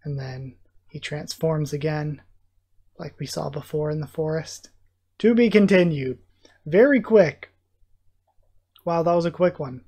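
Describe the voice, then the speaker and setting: A host reads a webcomic aloud during a live reaction and drops in loose, casual comments between passages. The voice sits in an ordinary middle register, and the delivery is relaxed with the odd filler. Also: mid-range voice, measured pace, long pauses, breathy edge.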